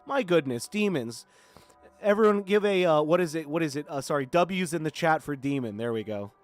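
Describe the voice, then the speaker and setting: A man's voice: on the high side, animated, normal speed, no echo. Chatty young man hosting a live stream. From Florida. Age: 20s. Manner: chatty, rambling, thanks viewers often. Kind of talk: casual live stream chat. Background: faint horror music.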